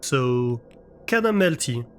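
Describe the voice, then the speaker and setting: A man's voice: mid-range voice, big pitch swings, slow pace, a little hiss or hum. A man live-streaming a game from his room, chatting casually with viewers and thinking aloud as he plays. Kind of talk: casual chat while playing a game. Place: his own room at home.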